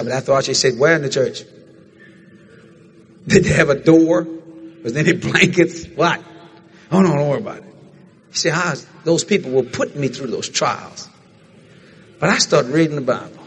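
A man preaching a sermon, telling a story in animated fashion and acting out the other people's lines. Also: mid-range voice, a little hiss or hum.

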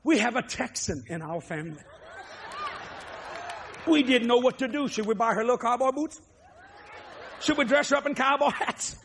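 Cajun preacher guy, really high voice, yells the big points then laughs thru the stories. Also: expressive, moderate pace, pauses often, slight background noise. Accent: Cajun, Louisiana. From New Orleans, Louisiana. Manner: shouts emphatic lines, then drops low and chuckles through stories. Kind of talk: sermon with humorous storytelling.

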